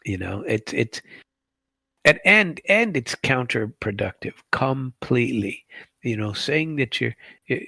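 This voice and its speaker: A man's voice: medium pitch, animated, a little slow, gravelly, pushed and bright, slightly rough, no echo, studio quality. A middle-aged man hosting a show, rambling through casual political commentary full of restarts and asides. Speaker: show host.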